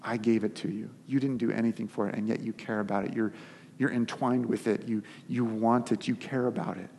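A man voicing God as a patient, gentle father who explains things simply and softly. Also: lowish voice, steady tone, brisk, vocal fry, a little hiss or hum. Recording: long hall reverb.

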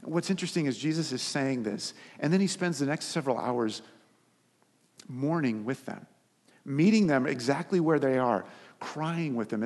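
A man preaching a sermon as pastor, earnest, stacking repeated phrases for emphasis and dropping soft for quoted words. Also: mid-range voice. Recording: long reverb of a hall.

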